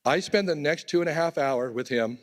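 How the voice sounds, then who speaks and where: A man's voice: fairly high pitch, a little fast. A man giving a eulogy at a memorial, telling casual, conversational personal stories. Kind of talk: storytelling eulogy. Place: temple hall.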